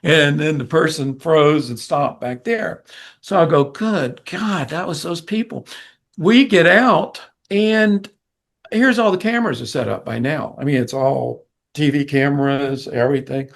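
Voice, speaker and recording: An older man, a musician being interviewed, telling a story in an animated way and acting out the people in it. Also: fairly high pitch, a little slow, creaky. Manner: animated, vivid storyteller who acts out quoted people. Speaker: guest musician.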